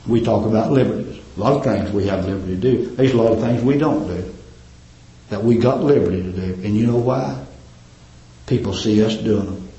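A male preacher delivering a fervent sermon, climbing loud and then dropping to a hush. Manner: fervent, swinging between loud climbs and low hushed drops. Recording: very echoey, dull lo-fi church recording.

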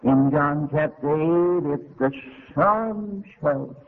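Folksy preacher man, tinny recording. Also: slow. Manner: homespun, dramatic, rising to high emotional peaks. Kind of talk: sermon with folksy storytelling. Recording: tinny lo-fi narrow-band recording.

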